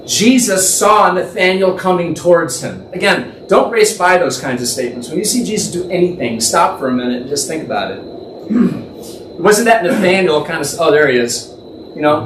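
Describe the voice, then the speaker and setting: High-voiced man musing through a Bible passage. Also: animated, normal speed, fairly bright tone. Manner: musing and imaginative, thinks aloud and corrects himself. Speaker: Bible teacher. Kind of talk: conversational Bible teaching. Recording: echoey room, distant mic, faint background noise.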